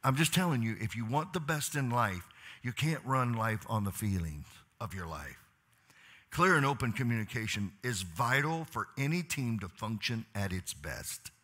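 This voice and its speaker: A middle-aged man speaks as a pastor on leadership before a church crowd, questioning them and alternating soft asides with loud exhortation. His mid-range voice is slightly rough, with lively intonation and a normal speed.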